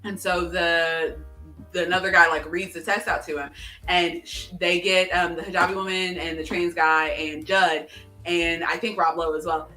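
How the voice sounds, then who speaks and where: A woman co-hosting a casual chat, excitedly retelling a TV episode and acting out its dialogue. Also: lowish voice, moderate pace, reverberant, distant mic, faint music behind. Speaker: podcast co-host. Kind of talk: casual chat recapping a TV show.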